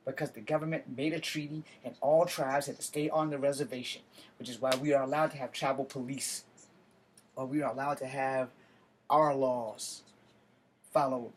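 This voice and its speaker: A man's voice: medium pitch, fairly even intonation, moderate pace, rough recording. A man giving an emotional, impassioned vlog rant, swearing and building to outbursts. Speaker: video blogger.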